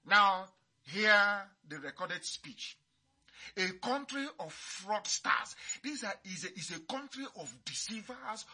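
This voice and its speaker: A man's voice: sits high, very animated, unhurried, bright, forceful tone, slightly rough. A man giving a fiery, mocking radio address, repeating his points. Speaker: radio broadcaster.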